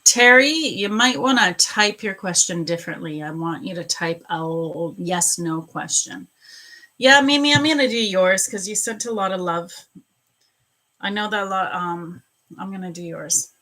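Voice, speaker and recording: A woman with a bright, forceful voice that sits a little low, hosting a live angel card reading. She chats loosely and calls out viewers by name between readings. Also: lively intonation, moderate pace, rough recording. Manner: chatty, greets viewers by name while reading. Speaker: psychic reader hosting a live stream.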